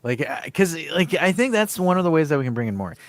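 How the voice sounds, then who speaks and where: A man co-hosting a podcast in casual chat, animated and joking as he jumps between topics. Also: a little high, fast, no echo. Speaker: podcast co-host.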